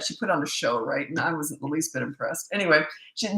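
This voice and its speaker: A woman's voice: lowish voice, fast, hardly any pauses, sharp tone. A middle-aged woman hosting a casual parenting Q&A, telling anecdotes and acting out what people said. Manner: chatty storyteller who acts out quoted remarks. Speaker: parenting coach and show host. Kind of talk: casual live Q&A chat. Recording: roomy echo.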